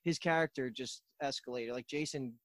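A man co-hosting a casual podcast, gushing as an excited fan about a TV character, with casual swearing. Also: mid-range voice, normal speed, no echo. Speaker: podcast co-host. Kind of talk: casual discussion of a TV episode.

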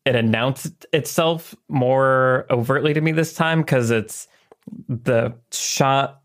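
A man co-hosting a podcast, talking in a relaxed, hesitant way in casual chat. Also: medium pitch, takes it slowly. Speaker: podcast co-host.

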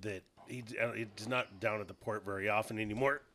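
A man co-hosting a podcast in casual chat, a provocative joker and animated storyteller. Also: fairly low pitch, a little fast, crowd noise. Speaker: podcast co-host.

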